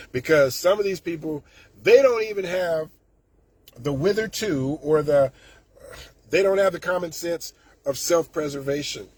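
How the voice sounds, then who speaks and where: A man's voice: a little high, darkish tone, breathy edge. A man, ranting indignantly and sarcastically as a political commentator, with frequent restarts. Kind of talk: casual political rant.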